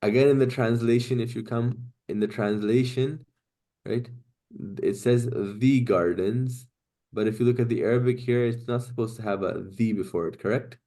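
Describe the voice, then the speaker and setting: A man teaching Quranic Arabic grammar in a class, explaining patiently step by step and reciting Arabic phrases quickly. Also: mid-range voice, fairly even intonation, mellow.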